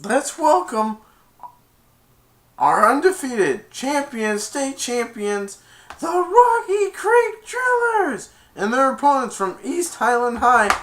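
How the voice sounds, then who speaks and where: Young man putting on a booming stadium announcer. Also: big pitch swings, full character voice. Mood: hyped. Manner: loud, drawn-out calling.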